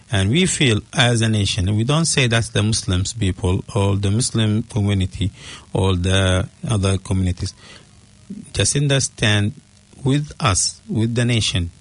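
A man's voice: on the low side, dry recording. Emphatic storytelling man, dry close sound. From resettled refugee in New Zealand. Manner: emphatic, animated storytelling with nonstandard English. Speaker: guest sharing his story. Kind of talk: conversational interview.

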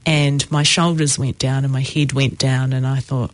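A woman telling her own recovery story in a reflective, halting way with many pauses. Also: extremely low pitch, little pitch movement, no echo. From New Zealand. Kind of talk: personal testimony.

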